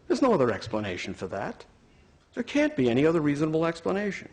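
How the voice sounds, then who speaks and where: A man's voice: a little high, wildly swooping pitch, quick pace. A man giving an argumentative talk, sarcastic and emphatic as he builds his points. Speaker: speaker.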